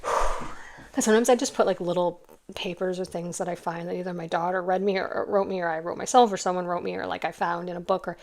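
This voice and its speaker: Gravelly-voiced woman giving a tarot reading. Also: fairly low pitch, fairly even intonation, quick pace. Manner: chatty, emotional, rambling. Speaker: tarot card reader. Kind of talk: pick-a-card tarot reading.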